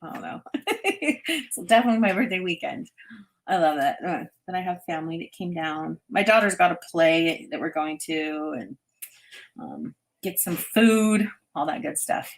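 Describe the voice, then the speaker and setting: A middle-aged woman hosting a live stream, chatting warmly and giving intuitive readings to viewers. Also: on the low side, animated, normal speed. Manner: bubbly, chatty, reads viewer comments aloud, laughs often. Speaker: intuitive reader and host.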